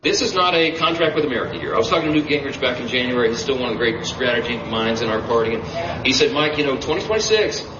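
A man's voice: medium pitch, fast talker, few pauses. A man giving an emphatic campaign stump speech at an event, often restarting and repeating phrases. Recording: echoey, distant, muffled, with background noise.

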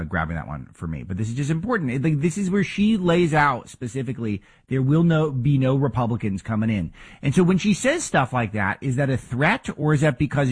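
A man's voice: mid-range voice, breathy edge. A man hosting a talk show, giving emphatic, argumentative political commentary full of rhetorical questions.

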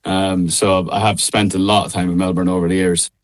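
Irish midlands accent, young man, lowish voice, relaxed chatty guest, quick to laugh. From Ireland. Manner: laid-back, laughs often. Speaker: guest singer. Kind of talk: casual radio interview.

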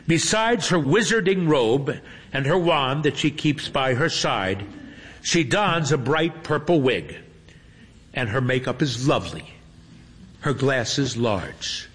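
A man narrating a story in an unhurried, dry and wry manner. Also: mid-range voice, expressive, a bit bright, breathy edge. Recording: faint hum with long reverb.

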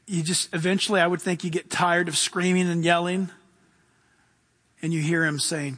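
A man preaching a sermon as pastor, animated, swinging from loud outbursts to hushed quiet. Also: fairly high pitch, normal speed, long reverb tail.

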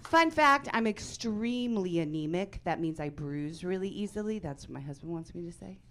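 A woman in her forties works a club stage with a handheld mic, her voice a touch low and dry. She delivers stand-up in a deadpan, punchy way, breaking into sudden loud bursts, with a faint hum of room ambience behind her. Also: moderate pace. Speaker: stand-up comedian. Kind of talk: stand-up comedy set.

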